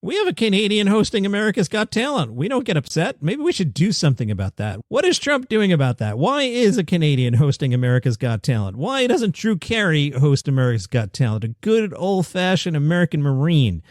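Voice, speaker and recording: A man's voice: fairly high pitch, big pitch swings, fairly quick, dry recording, studio quality. Wry New man reading comedy news. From Queens, New York. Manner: wry, self-deprecating asides. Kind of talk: solo comedy news commentary.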